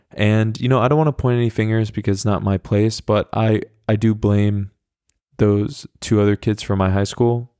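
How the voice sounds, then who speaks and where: Low, flat-voiced young man telling a story. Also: dry recording, clean studio sound. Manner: rambling, profane, wry. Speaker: podcast host. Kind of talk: casual storytelling monologue.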